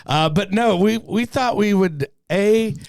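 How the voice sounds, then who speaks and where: Laid back guy hosting a podcast, slow talker, goofy, super dry sound. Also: sits high, creaky, smooth, dry recording. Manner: joking, laughs often, animated. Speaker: podcast host. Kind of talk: casual podcast chat.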